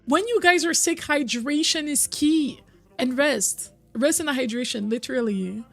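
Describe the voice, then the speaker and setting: A woman's voice: high voice, measured pace, gravelly, fairly bright tone, soft background music. A young woman streaming a game and chatting casually with her viewers, getting over a cold. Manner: chatty, reads and answers chat, hums and sings bits. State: recovering from a cold.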